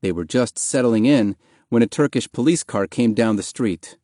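A man reads an audiobook in a calm, even, measured way. His voice sits at a middle pitch, with nothing unusual in his tone. The recording is close and very dry. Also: no echo. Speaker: narrator. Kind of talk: audiobook narration.

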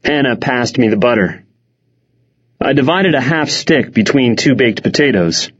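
A man narrates a first-person audiobook, wry and expressive. His pitch moves a lot, with lively rises and falls. The recording is dull and lo-fi. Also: unhurried, breathy edge.

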